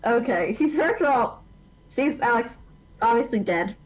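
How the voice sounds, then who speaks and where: A woman's voice: on the high side, lively intonation, unhurried, rough recording. A woman playing a tabletop game, loosely describing what her character thinks and does. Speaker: player. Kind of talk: tabletop role-play chat.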